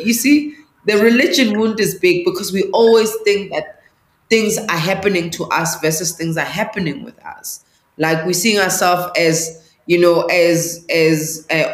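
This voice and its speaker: A woman, a spiritual teacher and healer, speaking as an interview guest in an animated way, acting out the voices she quotes. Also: fairly low pitch. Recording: roomy echo.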